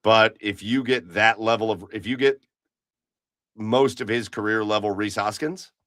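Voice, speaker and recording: A podcast co-host with a lowish, fairly bright, fairly even voice talks baseball at a moderate pace, recorded without echo. His casual chat rambles and keeps restarting.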